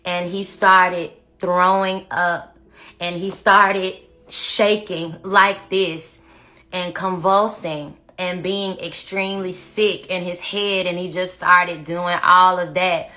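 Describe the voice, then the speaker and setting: Bright-voiced woman telling a story. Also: lowish voice, slow. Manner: expressive, lively retelling of a dream; talks straight to viewers. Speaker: Christian vlogger. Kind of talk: casual storytelling.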